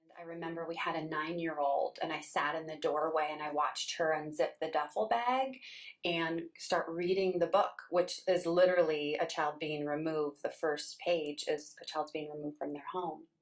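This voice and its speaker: Middle-aged woman, casual storytelling, low-ish voice, animated quoted lines. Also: normal speed. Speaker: children's book author.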